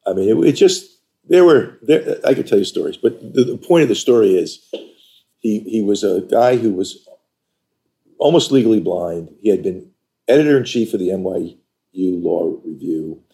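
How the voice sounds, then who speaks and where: An older man from New York, an interview guest telling stories about his career in an animated, emphatic way. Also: fairly low pitch, normal speed. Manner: animated, emphatic storyteller who acts out quoted dialogue. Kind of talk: conversational storytelling.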